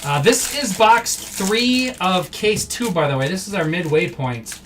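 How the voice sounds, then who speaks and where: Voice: medium pitch, lively intonation, unhurried, a bit bright, far from the mic, a little hiss or hum. A card-break host from Wisconsin, chatting casually and rambling on a live stream indoors. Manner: chatty, rambling, easily amused. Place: indoor room.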